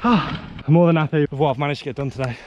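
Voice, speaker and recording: A young man with a British accent, chatting excitedly as he vlogs at outdoor dirt jumps. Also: fairly high pitch, very fast, lo-fi sound. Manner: excitable, chatty, exclaiming often. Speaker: vlogger. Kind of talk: casual vlog chat. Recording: outdoor noise, nearby traffic.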